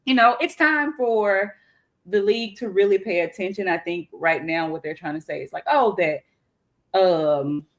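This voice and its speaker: A woman with a Southern US accent talks through the news on a podcast in a loose, colloquial way. She drifts off on asides and catches herself mid-sentence. Her pitch sits in a middle range. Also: moderate pace. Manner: chatty, colloquial, self-interrupting. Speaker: podcast co-host. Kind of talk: casual podcast commentary.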